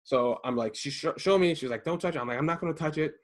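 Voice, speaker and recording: A man in his thirties from Maryland telling a story in casual chat, acting out the quotes with lively jumps in his voice. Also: fast talker. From Prince George's County, Maryland. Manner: animated, acts out quotes with big jumps in pitch. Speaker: podcast co-host telling a story.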